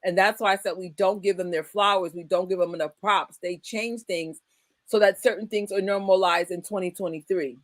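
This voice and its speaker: A woman in her forties from the United States hosting a casual chat, emphatic and animated, often breaking into laughter. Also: medium pitch, a little fast, dry recording. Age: 40s. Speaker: host.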